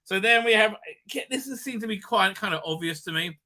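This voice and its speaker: A man's voice: high voice, moderate pace, pushed and bright. A man hosting a casual live recap stream, rambling with lots of fillers and cheerful swearing.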